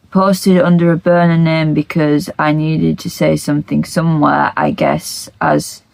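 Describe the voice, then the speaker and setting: A woman reading confession posts aloud and reacting bluntly, with frequent swearing and soft, half-whispered asides. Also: sits low, vocal fry, dry recording, rough recording. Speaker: reddit story reader.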